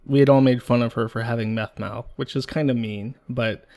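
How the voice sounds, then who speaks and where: A man's voice: mid-range voice, fairly even intonation, a little fast, darkish tone. A man co-hosting a podcast, talking bluntly and mockingly in casual commentary, with plenty of swearing. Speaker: podcast co-host.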